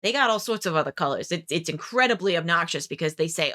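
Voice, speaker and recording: A woman's voice: on the low side, animated, fast talker, hardly any pauses, a bit bright. A woman narrating as game master in a tabletop game, rambling with jokey asides.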